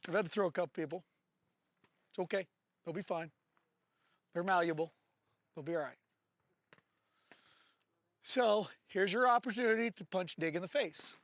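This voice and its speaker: A man's voice: high-pitched, fairly bright tone, no room sound. A man working as a firearms instructor, explaining drills to his class with jokes and then barking short range commands. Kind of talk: live training-class instruction.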